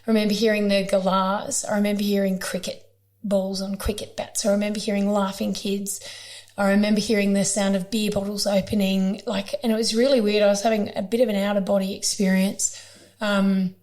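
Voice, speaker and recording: A woman's voice: mid-range voice, flat delivery, a little fast, darkish tone. A woman with an Australian accent, a podcast guest telling her personal story in a frank, emotional, conversational way, with some blunt swearing.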